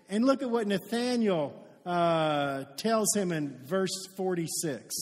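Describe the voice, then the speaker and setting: A man with a high voice preaches a sermon, trading off between story and acted-out lines. He grew up in Kentucky. His voice rings out with a long reverb in a large church hall. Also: slow. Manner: lively storytelling, acts out quoted dialogue. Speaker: pastor.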